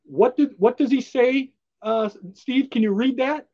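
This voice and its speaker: A man's voice: extremely high pitch, measured pace, mellow, dull audio. A man co-hosting a podcast, enthusiastically walking through a comic book in rambling, casual chat with frequent laughs. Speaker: podcast co-host presenting a comic.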